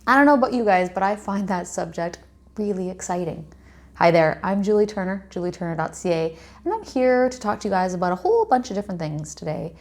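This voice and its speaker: A woman's voice: medium pitch, quick pace, darkish tone. A woman working as a life coach, talking to her viewers without a script in a chatty, rambling way full of asides. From Canada. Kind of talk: unscripted talk to camera.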